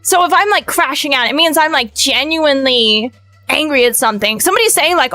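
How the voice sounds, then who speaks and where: A young adult woman streaming in casual chat, excitable and emotive, talking loud and fast with big swings in pitch. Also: faint music behind.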